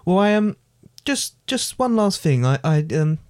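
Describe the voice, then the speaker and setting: A man's voice: sits high, very animated, a little slow, clean tone. A young adult man co-hosting with his father, hesitant, with many ums and restarts. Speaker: co-host, son. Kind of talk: casual comic podcast chat.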